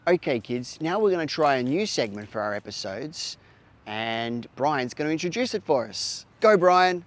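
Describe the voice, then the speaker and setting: A man's voice: mid-range voice, expressive, moderate pace. A man with an Australian accent hosting a children's show, talking to kids in a playful, exaggerated way. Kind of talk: educational talk to kids.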